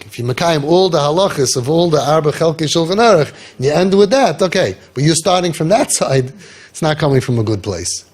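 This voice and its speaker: A man's voice: fairly high pitch, breathy edge. A man coaching parents in an impassioned talk, telling stories and firing off rhetorical questions with emphasis.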